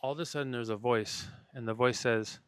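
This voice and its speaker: A young man, a podcast guest and breathwork facilitator, telling a deeply personal story in a casual interview, earnest and swearing now and then. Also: fairly even intonation, a little fast, clear, resonant tone, no room sound. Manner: earnest, swears casually, acts out his own inner voice.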